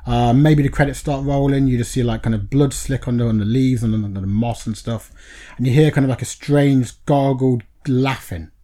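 A young man with a warm, dark voice co-hosts a podcast. He reads a story pitch in a laid-back way, laughing and saying mate often. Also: moderate pace. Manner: laughs often, says mate a lot, relaxed. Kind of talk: casual chat and reading a story pitch.

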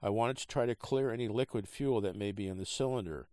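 A man hosting a podcast, reading a trade article aloud in a halting, casual way with many fillers, and he has the hiccups. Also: on the low side, darkish tone, dry recording. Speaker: podcast host.

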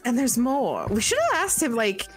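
A woman player in a tabletop role-play, chatting casually and joking with plenty of fillers. Her voice sits a little high, with faint music behind her. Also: very animated, normal speed.

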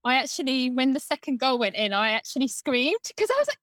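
Casting: young woman, podcast co-host, higher voice, dry close sound, chatty and giggly. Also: a little fast, no room sound. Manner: chatty, giggly, animated quoting. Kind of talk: casual chat.

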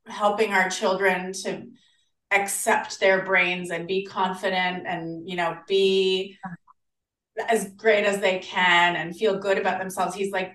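Animated Australian woman, roomy and distant. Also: medium pitch, slow. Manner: animated, acts out quoted voices. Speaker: podcast guest. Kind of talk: casual interview chat.

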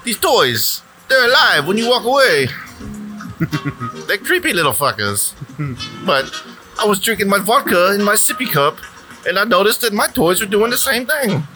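A cheeky little Russian boy, as a man puts him on, rambles in broken English with a heavy put-on accent. The pitch wanders around a lot, and music plays softly behind him. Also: big pitch swings, moderate pace, long pauses, low-quality recording. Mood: rambling.

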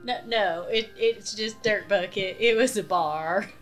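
A woman's voice: medium pitch, measured pace, faint music behind. A woman playing a tabletop game, making dry, quippy remarks.

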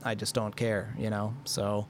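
A man's voice: on the low side, flat delivery, measured pace, a little hiss or hum. A young man hosting a solo podcast, rambling and swearing into a microphone, joking at his own expense as he vents. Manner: rambling, profane, self-deprecating. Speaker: podcast host. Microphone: studio microphone.

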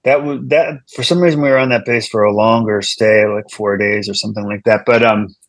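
A man's voice: lowish voice, fairly even intonation, a little fast, no echo. Guy comic telling a story, keeps restarting and going off on side notes, dry close sound. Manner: rambling with frequent restarts and asides. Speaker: comedian guest. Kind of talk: casual storytelling.

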